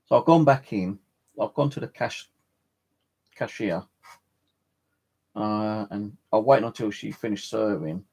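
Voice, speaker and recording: A man's voice: fairly low pitch, moderate pace, darkish tone. A man telling a rambling everyday story in a casual way, with an offhand swear here and there. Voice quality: gravelly, husky. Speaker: channel host.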